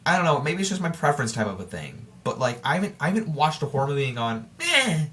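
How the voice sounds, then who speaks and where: A man's voice: fairly high pitch, very animated, racing, fairly bright tone. A man hosting a solo podcast in casual chat, talking straight to his listeners and rambling, with frequent restarts and self-corrections. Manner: informal and chatty, addressing listeners directly. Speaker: podcast host.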